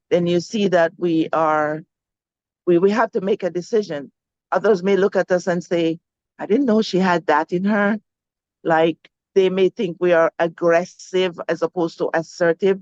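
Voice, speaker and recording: A woman from Jamaica with a Jamaican accent, co-hosting and reflecting calmly and earnestly. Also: lowish voice, no echo, lo-fi sound. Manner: calm, earnest, measured. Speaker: co-host. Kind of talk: reflective talk.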